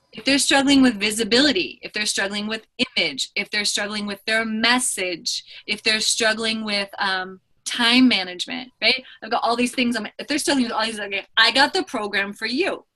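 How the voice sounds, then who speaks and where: A woman business coach leads a live training call with a bright, ringing voice pitched a little high. She talks fast and emphatically, gushing with praise. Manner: effusive, fast-talking, emphatic.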